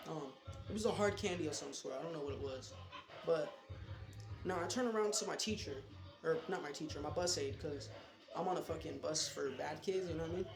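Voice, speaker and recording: A man's voice: fairly high pitch, brisk, gravelly. A young man in his late teens telling rambling, profane, slangy stories in a casual vlog from his bedroom. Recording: echoey room with music behind.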